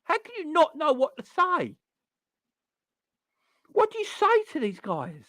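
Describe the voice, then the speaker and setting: A man's voice: very high voice, huge pitch swings, unhurried, bright, forceful tone, no echo. Exasperated man ranting about football. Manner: exasperated, repeats rhetorical questions. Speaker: football fan channel host. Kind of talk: fan reaction rant.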